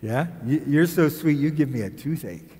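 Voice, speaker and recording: A man voicing a flirty male rabbit who delivers cheesy pickup lines in a smooth, teasing way. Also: on the high side, expressive, normal speed, warm tone, in a large hall, natural voice.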